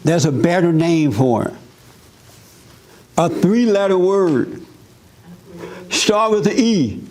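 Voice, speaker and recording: A man preaching an informal sermon, talking with his congregation and acting out others' voices. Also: takes it slowly. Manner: animated, acts out mother in a high voice.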